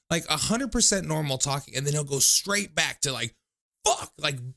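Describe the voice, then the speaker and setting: A man's voice: fairly high pitch, a little fast, vocal fry, bright, forceful tone. A young man hosting a call-in livestream, rambling and poking fun at himself in casual chat. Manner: rambling, self-mocking storyteller. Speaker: call-in show host.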